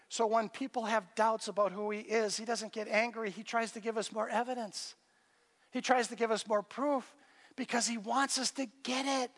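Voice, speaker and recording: High-voiced pastor preaching in a reverberant hall. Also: male voice, steady tone, normal speed, fairly bright tone. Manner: conversational preaching, acts out scripture dialogue in varied voices. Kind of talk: sermon.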